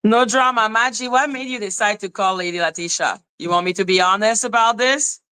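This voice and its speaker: A woman hosting a podcast, telling a story in casual chat, excitable and animated, swearing and laughing as she retells it. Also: mid-range voice, brisk, smooth, low-quality recording. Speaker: podcast host.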